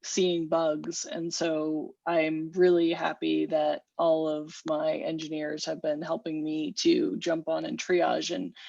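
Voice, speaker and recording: A woman engineering manager speaking slowly and deliberately in a work video-call meeting. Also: deep voice, little pitch movement, creaky, darkish tone, no echo, muffled recording.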